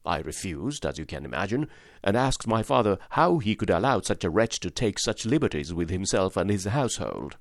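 A man narrating a classic story as an audiobook, in a measured, even storytelling manner. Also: deep voice, dry recording, studio quality. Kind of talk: scripted narration.

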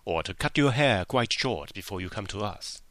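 A man reading the part of a fussy, wheedling middle-aged gentleman, coaxing and insistent, in an audiobook. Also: fairly low pitch, animated, normal speed, no room sound.

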